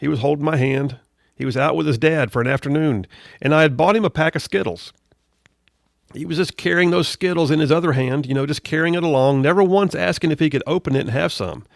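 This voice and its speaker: A middle-aged male radio host with a gravelly, creaky voice gives a folksy studio monologue, talking conversationally and drifting into preachy asides. The sound is dry and close, with no room around him. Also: on the high side, brisk, no echo.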